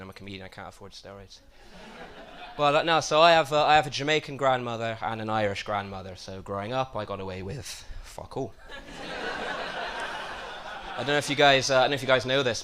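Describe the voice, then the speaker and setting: Bristol comedian, low deadpan voice. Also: male voice, a little hiss or hum. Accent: Bristol English. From Bristol, England. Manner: deadpan, self-mocking delivery with quick asides. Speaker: stand-up comedian. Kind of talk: stand-up comedy set. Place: comedy club stage.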